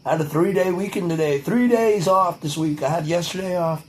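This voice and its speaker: A man's voice: high voice, fairly quick, slight background noise, poor audio. A young man vlogging in a loose, profane ramble who keeps repeating "truly" and slips into a mock-presidential cadence. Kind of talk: rambling casual monologue to camera.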